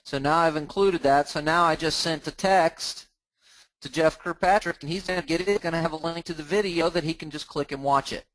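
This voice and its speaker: Casual man walking through software on screen. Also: on the high side, fairly quick, no room sound, poor audio. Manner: casual, narrates his clicks, often restarts words. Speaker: host of a mortgage training group. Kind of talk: live screen-share software walkthrough.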